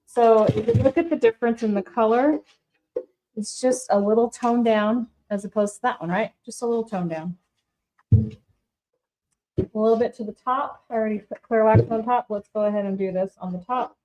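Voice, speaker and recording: A woman's voice: a little high, moderate pace, mellow, rough recording. A woman who owns a shop, hosting a live do-it-yourself painting demonstration in a chatty, upbeat way, talking straight to her viewers and calling them by name. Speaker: shop owner hosting a live DIY demo. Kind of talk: casual live crafting demonstration.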